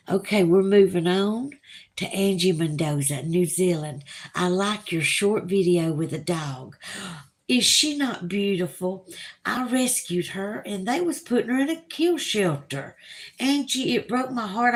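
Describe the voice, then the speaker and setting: Slow-drawling Southern woman livestreamer. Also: medium pitch. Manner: chatty, drawling, reads comments aloud slowly. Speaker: livestream host reading chat. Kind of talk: casual livestream chat.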